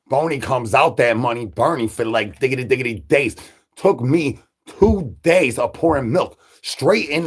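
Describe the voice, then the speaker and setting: A man's voice: mid-range voice, fairly bright tone, breathy edge. A man livestreaming, rambling crude jokes and talking straight to his chat in a repetitive, joking way. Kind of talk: rambling crude stream banter.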